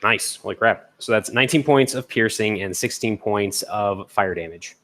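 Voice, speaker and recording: A man playing a tabletop game, describing his character's attacks with fillers and excited reactions. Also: lowish voice. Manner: animated, pauses with fillers while rolling. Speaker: player.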